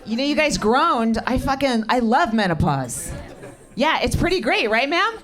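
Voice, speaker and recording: A middle-aged woman doing stand-up comedy with crowd work, deadpan, sardonic and profane. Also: sits high, normal speed. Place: comedy club stage. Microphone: handheld stage mic. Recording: live club recording with crowd. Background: laughing audience.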